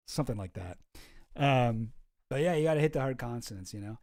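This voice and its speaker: Rambling, animated man chatting. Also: medium pitch, fairly quick, no echo, studio quality. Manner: rambling, self-interrupting, jokey. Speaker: streamer host. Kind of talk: casual chat.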